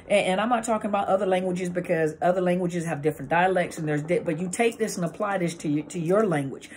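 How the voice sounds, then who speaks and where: A woman's voice: on the low side, a little mellow, a little hiss or hum. A woman, a counselor, talking casually to viewers and explaining while she acts out quoted arguments in exaggerated voices. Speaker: counselor and channel host. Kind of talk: casual educational talk to camera.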